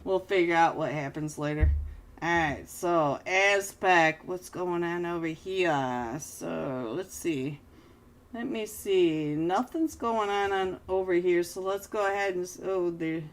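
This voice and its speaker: A young adult woman live-casting a mobile battle royale match, excitable and self-mocking, jumping between play calls and chat with viewers. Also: lowish voice, slow pace. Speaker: esports caster. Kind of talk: live game commentary.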